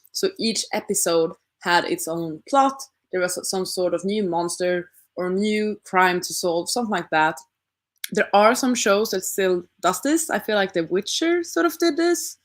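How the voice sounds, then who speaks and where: A young woman casually chatting with her stream audience, thinking aloud and asking rhetorical questions. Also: lowish voice. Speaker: livestream host reading chat. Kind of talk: casual chat.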